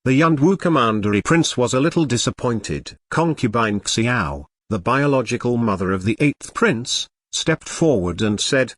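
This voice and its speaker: Lively male audiobook narrator, dry close sound. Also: medium pitch, normal speed, hardly any pauses, no room sound. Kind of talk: read-aloud web novel narration.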